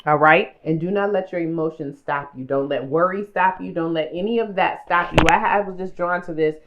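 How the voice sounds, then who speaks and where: A woman with a very low voice reads tarot cards aloud for her viewers, earnest and emotional, circling back to the same points again and again. The sound is dull and lo-fi, as if recorded at home. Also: a little fast, background noise. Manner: emotional, repetitive, addresses viewers directly. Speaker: tarot card reader. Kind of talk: pick-a-card tarot reading. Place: home room.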